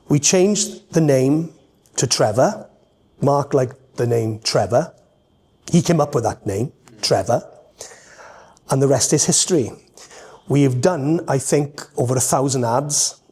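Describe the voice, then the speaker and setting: A Welsh man telling lively stories as a guest, animated and quick to slip into voices. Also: medium pitch, breathy edge. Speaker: entertainer guest. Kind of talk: casual storytelling.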